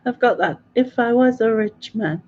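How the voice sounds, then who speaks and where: A woman's voice: a little high, moderate pace. A woman co-hosting a late-night live chat, rambling and laughing often. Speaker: co-host. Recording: slightly dull lo-fi sound.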